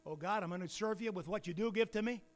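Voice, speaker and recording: A man's voice: sits high, natural voice. A man voicing a self-pitying poor churchgoer who stammers through his complaint.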